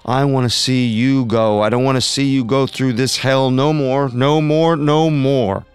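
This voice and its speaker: A man's voice: mid-range voice, steady tone, unhurried, clear, resonant tone, no echo, natural voice. A man acting out a middle-aged cult leader in a dramatized reenactment, preaching and pleading with his followers in a repetitive, sermon-like way. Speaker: voice actor in a reenactment. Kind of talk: dramatized reenactment of recorded speech.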